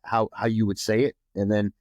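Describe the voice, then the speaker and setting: A South African man with a somewhat low voice, chatting as a guest in an interview. He hesitates often and restarts his words mid-sentence. The sound is dry and close. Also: level tone, normal speed, darkish tone, dry recording. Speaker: guest actor. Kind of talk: casual interview chat.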